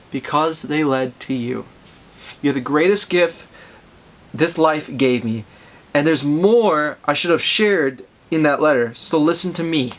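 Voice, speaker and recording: A man reading a grave older father's solemn, heartfelt farewell from a comic, slow and low. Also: fairly bright tone.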